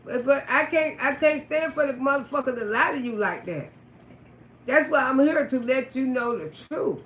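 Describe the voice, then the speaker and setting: A woman telling a personal story on a casual livestream, animated and profane, chatting with viewers by name. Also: high voice, moderate pace, roomy sound, a little hiss or hum.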